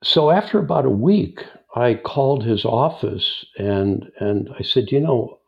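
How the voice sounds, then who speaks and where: An older man telling stories as an interview guest, unhurried and chuckling. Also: mid-range voice, animated, gravelly. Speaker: guest filmmaker and editor. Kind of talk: anecdotal storytelling in an interview. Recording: dull lo-fi sound.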